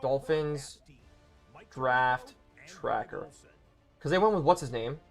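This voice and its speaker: A young man streaming a football video game live, calling plays, shouting in excitement and thanking chat. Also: medium pitch, faint music behind. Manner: excitable, bursts into loud exclamations, thanks viewers rapidly. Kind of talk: live stream commentary while reading chat.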